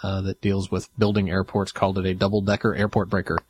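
A man co-hosting a podcast in casual chat, rambling and halting with lots of fillers. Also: low-pitched, completely flat delivery, breathy edge. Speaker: podcast co-host.

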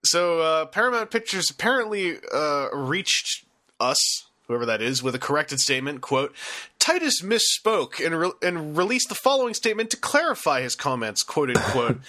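Bright-voiced joking podcast host, a man. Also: fairly high pitch, very animated, normal speed. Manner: rambling, joking, quotes reader comments. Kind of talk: casual chat.

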